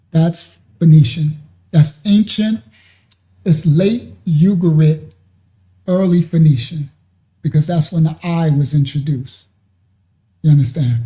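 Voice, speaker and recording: A man's voice: on the high side, mellow. A man giving a rambling live-streamed religious teaching, often checking that listeners understand. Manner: rambling, keeps asking "you understand?".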